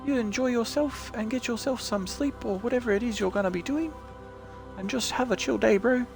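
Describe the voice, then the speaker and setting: A man's voice: a little fast, creaky, over music. A man putting on a chill Kiwi beach dude. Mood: chill, friendly. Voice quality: soft, high and breezy. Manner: mellow, easygoing, drops in "bro". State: croaky from overuse. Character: laid-back friendly male Kiwi beach dude.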